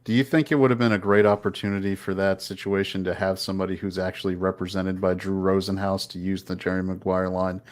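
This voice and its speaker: A man's voice: deep voice, little pitch movement, fast talker, hardly any pauses. A man on a casual podcast, asking questions, cracking jokes and laughing often. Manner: joking, asks questions, laughs a lot. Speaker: podcast co-host.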